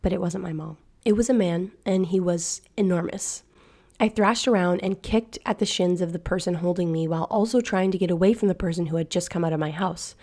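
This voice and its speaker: Woman narrator for a horror story read-aloud; hushed, measured, mellow tone. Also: lowish voice.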